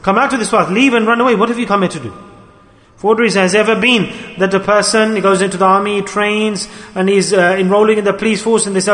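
Older male Sufi preacher, high voice, stern and admonishing, echoey hall sound. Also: fairly even intonation, fast, fairly bright tone. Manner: stern, admonishing, repetitive emphasis. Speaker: Sufi teacher. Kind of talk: sermon.

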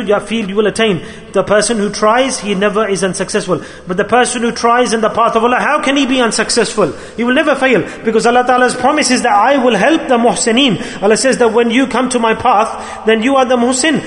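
High-voiced man preaching in a reverberant hall. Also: quick pace, a bit bright. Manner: impassioned, rises and falls in emphasis, quotes figures in his own voice. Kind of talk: sermon storytelling.

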